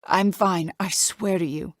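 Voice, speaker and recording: A frightened young wife pleading in a strained, high tone, as a woman reads her, low-set voice tightening upward. The recording is dry and close, with no room sound. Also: fairly even intonation, unhurried, no echo, natural voice.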